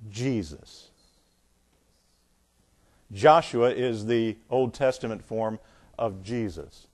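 A man teaching the Bible in a sermon style, animated and digressive, often asking his listeners questions. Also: mid-range voice.

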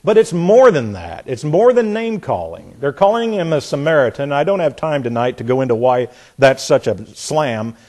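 Fairly high-voiced male preacher. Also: very animated, moderate pace, few pauses, darkish tone. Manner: reads scripture aloud, then comments with sudden bursts and drops in volume; laughs at times while preaching. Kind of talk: sermon.

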